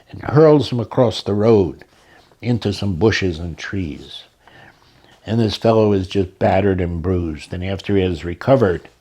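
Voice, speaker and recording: Man, storyteller, calm measured narration, deep-ish voice, warm dark tone.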